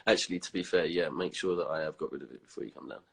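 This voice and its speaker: A man's voice: low-pitched, very fast, creaky, husky. A young man with a cold, chatting casually and jokingly on a phone live stream. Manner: laid-back, joking, trails off. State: congested with a cold. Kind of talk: casual late-night chat. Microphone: phone on a live stream video call.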